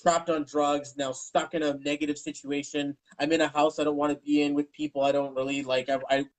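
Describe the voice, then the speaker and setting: Man, 30s, interview guest, fairly high voice, frank, rambling, candid storytelling. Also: flat delivery, fairly quick, poor audio. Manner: rambling and frank, acting out quoted dialogue.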